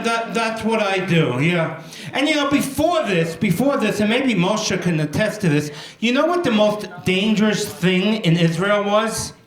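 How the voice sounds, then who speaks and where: A middle-aged man doing a stand-up comedy set, animated and jumping into shouted high voices for punchlines. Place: event hall before an audience. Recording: echoey live room.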